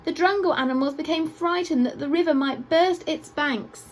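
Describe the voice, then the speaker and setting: A woman teacher reading a picture book aloud to children at a school assembly, with expressive storytelling and playful asides. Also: high voice, normal speed, rough recording.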